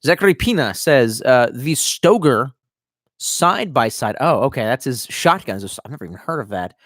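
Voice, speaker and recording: At a moderate pace, a young man rambles through a laid-back live stream, reading chat aloud, swearing freely, and a little tipsy from wine. His pitch swings lively, and the sound is dry and close without echo.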